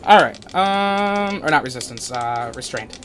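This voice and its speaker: A man's voice: a little high, lively intonation, measured pace, fairly bright tone, faint music behind. A man running a tabletop game as dungeon master, narrating casually with many fillers.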